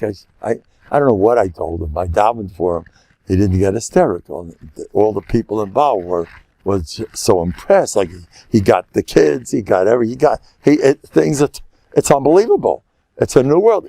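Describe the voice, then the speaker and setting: An older man giving a rabbi's lecture in lively storytelling style, full of halting restarts and Yiddish and Hebrew words, often jumping into a high excited pitch and laughing at his own stories. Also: creaky, no room sound.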